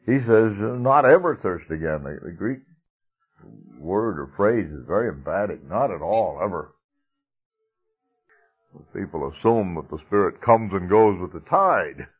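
A man's voice: deep voice, animated, a little slow, husky, highs cut off, soft background music. A man preaching a sermon in a conversational, emphatic way, chuckling now and then.

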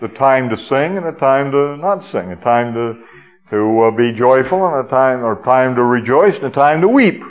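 A man delivers a sermon in an earnest teaching manner and often hesitates with fillers. His voice sits at a middle pitch for a man. The recording is dull and lo-fi. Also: expressive, moderate pace. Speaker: preacher.

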